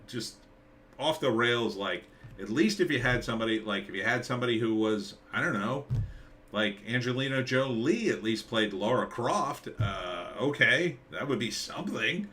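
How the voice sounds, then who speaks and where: A middle-aged man hosts a casual live stream, drifting from point to point with sarcastic asides and answers to the chat. His voice is bright and tense, and his pitch sits in the middle for a man. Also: animated, moderate pace. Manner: rambling, sarcastic, reads chat names aloud.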